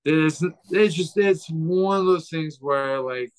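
A man who is a fighter, a guest on a casual podcast, who talks slowly and searches for his words. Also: a little high, clean tone, rough recording.

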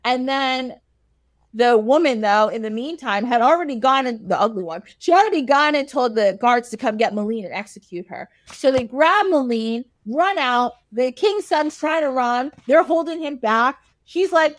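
High lively woman storyteller, slangy and laughing, dry close sound. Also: moderate pace, no echo. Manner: animated, laughs often, slangy asides. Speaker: storyteller guest. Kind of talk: casual comic retelling of a fairy tale.

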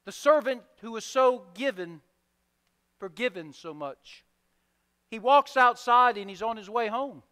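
High, bright-voiced preaching man. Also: unhurried, smooth. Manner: vivid, emphatic retelling with rhetorical questions. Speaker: pastor. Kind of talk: sermon storytelling. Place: church sanctuary. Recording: long church hall reverb.

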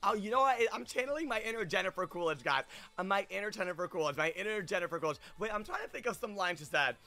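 Bubbly high-voiced male streamer. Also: animated, fast talker, bright, forceful tone, soft background music. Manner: bubbly, effusive, sing-song greetings. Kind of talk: live game stream commentary.

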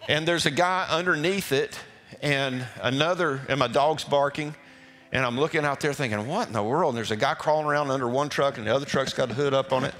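Pastor, male, mid-pitched, chatty and animated, restarts his words; recorded in a reverberant church hall. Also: a little fast. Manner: folksy, animated storyteller who stumbles and repeats words. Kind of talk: storytelling testimony to a congregation. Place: church sanctuary. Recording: reverberant hall with faint music.

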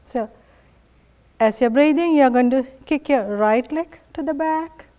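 A woman yoga instructor guiding a family class in a gentle, encouraging way, often laughing softly. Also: high voice, unhurried.

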